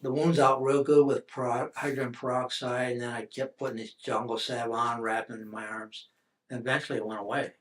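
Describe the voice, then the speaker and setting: An older American man talks through his war memories in an oral history interview. His pitch sits in the middle range, and he rambles, circling back and restarting thoughts as he goes. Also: a bit bright. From United States. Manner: rambling storytelling with many restarts and fillers. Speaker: veteran interviewee.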